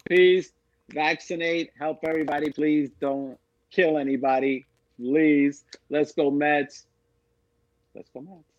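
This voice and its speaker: A man's voice: fairly high pitch, steady tone, takes it slowly, a little mellow, no echo, dull audio. A man co-hosting a casual sports podcast, teasing his friends and laughing often. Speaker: podcast co-host.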